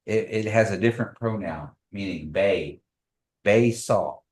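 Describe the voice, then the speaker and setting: Slow-talking man teaching a class. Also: lowish voice, a little mellow. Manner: slow, patient, repeats phrases for the class. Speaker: language teacher. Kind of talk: classroom language lesson. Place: classroom with a group of students.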